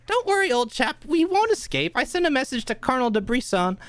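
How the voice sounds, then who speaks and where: A woman's voice: sits high, big pitch swings, a little fast. A woman playing a shrewd, confident Victorian male detective in an amateur radio play, lecturing and amused.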